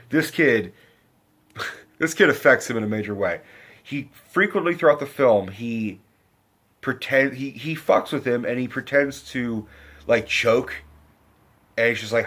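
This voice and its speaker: A man giving a casual, rambling film review rant, loose and profane, jumping into pitched-up impressions of the characters. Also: normal speed. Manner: profane, animated retelling with pitched-up acted quotes.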